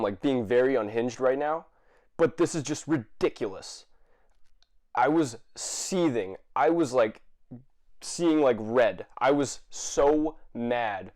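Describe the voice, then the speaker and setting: Man, angry vlog rant, heavy swearing, filler words, restarts, shouting bursts. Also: mid-range voice, expressive, takes it slowly. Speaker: vlogger.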